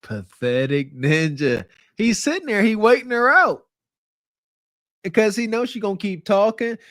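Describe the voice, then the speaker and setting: A man's voice: high voice, fairly bright tone, dry recording, clean studio sound. A man co-hosting a podcast, joking and mocking as he reacts to a video clip. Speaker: podcast co-host. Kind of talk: casual reaction commentary.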